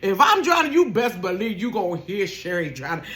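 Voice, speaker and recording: Animated, laughing woman in her fifties. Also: a little fast. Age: 50s. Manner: animated, laughing, acts out quotes in a high voice; drops to a whisper at times. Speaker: vlogger telling a story. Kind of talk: casual storytime. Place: her bedroom.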